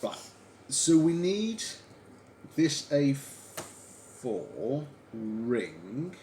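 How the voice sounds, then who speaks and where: A man's voice: mid-range voice, extremely slow. A man hosting a livestream, chatting casually and telling stories while crafting. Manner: lively, chatty storyteller. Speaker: livestream host. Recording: echoey room, faint background hiss.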